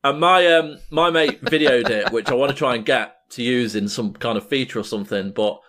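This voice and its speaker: A man's voice: mid-range voice, a little fast, a bit bright. A man co-hosting a podcast, telling a story casually with plenty of fillers, restarts and swearing. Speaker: podcast co-host. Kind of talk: casual chat.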